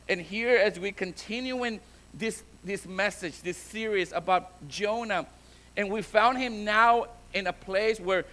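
A man preaching a bilingual sermon in a high, bright voice. He restarts and repeats words, then presses each point with rising emphasis. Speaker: pastor.

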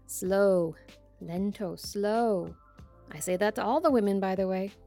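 A woman doing a smooth, flirty male barista. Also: mid-range voice, a little slow, mellow, soft background music. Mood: coaxing. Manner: smooth and coaxing.

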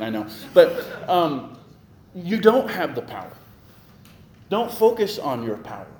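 Man, pastor, sermon, conversational and jokey, slightly high voice, roomy echo. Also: slight background noise. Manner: conversational, jokey, animated preaching.

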